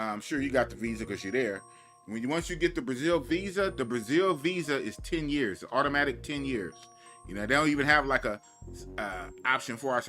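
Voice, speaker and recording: A man's voice: mid-range voice, pushed and bright. A man casually chatting on his livestream, rambling and slangy, repeating himself as he tells stories. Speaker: travel vlogger.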